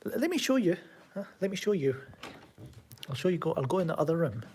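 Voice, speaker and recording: Talking fast and very animated, a man with a high-leaning, darkish voice and a breathy edge streams live from a room in his home. He has a Glaswegian Scottish accent and rambles sardonically and casually, reading chat aloud as he answers it.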